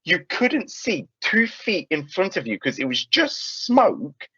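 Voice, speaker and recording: Young guy, lively storyteller who swears a lot; dull lo-fi, dry recording. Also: high voice, slow pace, slightly rough, no echo. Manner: animated, swears freely, lots of restarts. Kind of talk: casual anecdote telling.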